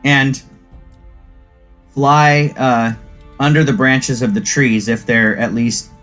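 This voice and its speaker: Man, tabletop player, casual and hesitant, mid-pitched. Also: fairly even intonation, takes it slowly, a bit bright, soft background music. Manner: thoughtful, hesitant with fillers.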